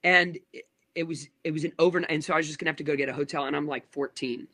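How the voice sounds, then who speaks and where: A man in his thirties who works as a pastor, telling a long story in casual conversation. His voice is bright and a little high for a man, and he rambles with asides and restarts. The recording is dry and close. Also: steady tone, racing, dry recording.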